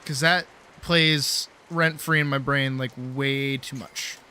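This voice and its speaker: A man's voice: medium pitch, steady tone, takes it slowly, sharp tone, a little hiss or hum. A man chatting casually while streaming a game, playful and rambling, swearing now and then. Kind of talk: casual gaming livestream chat.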